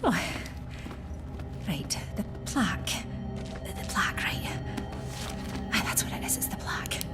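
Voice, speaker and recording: A woman's voice: medium pitch, big pitch swings, slow, loud music behind the voice, pitched below the performer's own voice. An actress playing a confused, fading old woman who rambles and dotes. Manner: rambling, unsure, doting.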